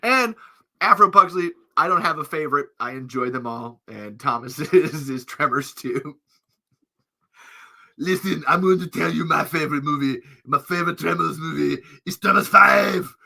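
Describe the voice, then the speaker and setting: Bright-voiced chatty male podcast host. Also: on the high side, normal speed, gravelly. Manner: rambling, animated, laughs often. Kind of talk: casual chat.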